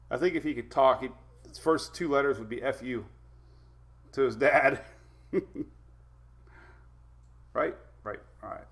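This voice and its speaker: A man's voice: mid-range voice, slow pace, pauses often. A man hosting a casual weather live stream, chatty, laughing often and talking to his dogs between updates.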